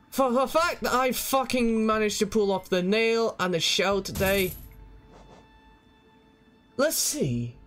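Young guy streaming, breathless, swears a ton, drawls slow, game music faintly behind. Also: high-pitched. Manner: swearing, excitable, yells in triumph. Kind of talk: live gameplay commentary.

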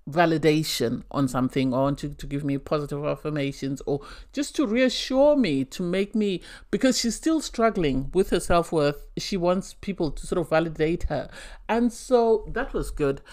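A woman's voice: low-pitched, a little mellow. A woman giving a casual, chatty review of a reality TV episode, opinionated and fond of repeating phrases for emphasis.

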